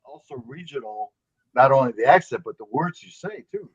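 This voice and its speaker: A man's voice: medium pitch, expressive, brisk, slightly rough, dry recording. A man from Chicago explains things plainly in casual chat. His audio sounds dull and lo-fi, dry with no room around it.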